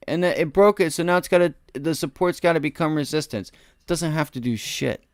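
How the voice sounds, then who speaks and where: A man hosting a day-trading livestream, giving slangy, boastful live market commentary straight to his viewers. He swings between loud excited bursts and low mutters to himself. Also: a little fast, no room sound, studio quality.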